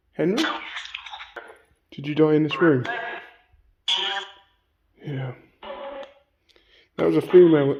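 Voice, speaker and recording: A man's voice: fairly high pitch, gravelly. Tense man calling out to spirits. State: on edge. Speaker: paranormal investigator. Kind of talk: ghost-hunting vlog narration. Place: old abbey room at night. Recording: muffled with loud background noise.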